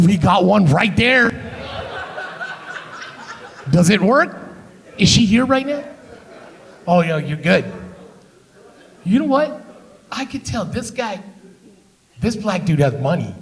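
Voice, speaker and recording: A man's voice: high-pitched, very animated, a little slow, creaky, long pauses. A man doing live stand-up comedy with a Canadian accent, brash and profane, teasing the crowd from a theater stage. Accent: Canadian English.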